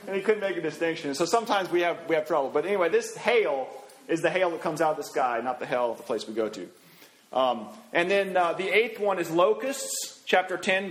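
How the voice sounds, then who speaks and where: A man's voice: a little high, echoey room, slight background noise, poor audio. A middle-aged male preacher giving a sermon in a folksy, anecdotal way, with many fillers and asides.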